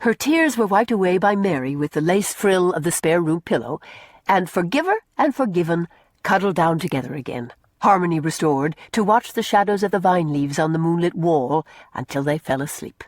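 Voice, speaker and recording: A woman's voice: normal speed, dry recording, clean studio sound. A woman narrating a classic novel as an audiobook, telling the story expressively. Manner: expressive storytelling with varied pitch.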